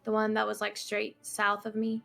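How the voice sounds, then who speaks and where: A woman's voice: mid-range voice, completely flat delivery, moderate pace, vocal fry, a bit bright, soft background music. A woman playing a tabletop game who talks casually and laughs easily. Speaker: player.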